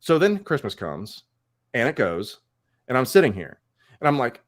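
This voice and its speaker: A man's voice: mid-range voice, normal speed. A man co-hosting a casual podcast chat, telling a story and acting out the people in it. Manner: animated storytelling, acts out quoted exchanges. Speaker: podcast co-host. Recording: online call.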